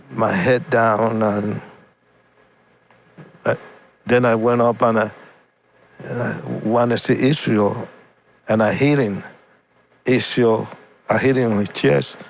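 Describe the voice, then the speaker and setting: Slow, gravelly man telling his testimony. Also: medium pitch, slight background noise. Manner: halting, repeats and restarts words, slow and heartfelt. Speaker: evangelist guest. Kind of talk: emotional personal testimony.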